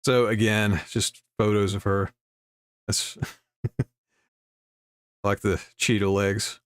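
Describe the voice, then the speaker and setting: A man with a fairly low voice reads news aloud on a livestream, chuckling and tossing in offhand comments as he goes. The sound is dry and close, with little room around it. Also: level tone, takes it slowly, smooth, no echo. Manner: reads news aloud with frequent laughs and asides. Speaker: streamer reading news.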